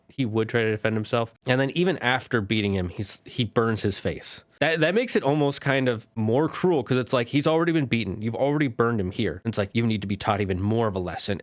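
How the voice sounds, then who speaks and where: A man's voice: medium pitch, no echo. A man giving a casual spoken review as a streamer, chatty and talking straight to the viewer. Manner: chatty, addresses the viewer directly, briefly acts out quoted lines.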